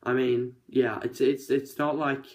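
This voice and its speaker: A young Australian man in his late teens talks to camera in a loose, joking vlog style. He wanders off track and stumbles into restarts, and his voice sits at an ordinary middle pitch for a man. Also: level tone, a little slow. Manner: rambling, jokey, often restarting sentences. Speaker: vlogger. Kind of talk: casual to-camera chat.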